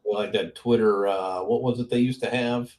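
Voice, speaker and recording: A man's voice: lowish voice, fairly even intonation, moderate pace, a little mellow. A man joining a casual stream chat, mostly adding short agreeing remarks. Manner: brief agreeing interjections. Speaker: stream guest.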